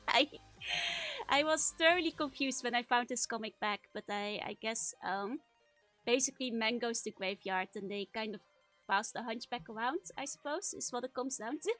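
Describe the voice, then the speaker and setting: Casting: giggly woman streamer, high bright voice, faint music behind. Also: moderate pace. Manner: giggly, laughs often, many fillers. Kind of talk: casual chat reading a childhood comic.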